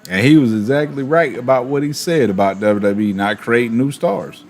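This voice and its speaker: A man streaming and chatting casually, animated, with quick asides and laughs. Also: mid-range voice. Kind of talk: casual chat while opening cards.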